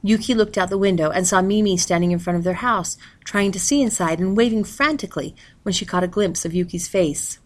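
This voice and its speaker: A woman reading a novel aloud in a steady, plain narrating manner. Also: mid-range voice, fairly quick, hardly any pauses. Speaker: reader.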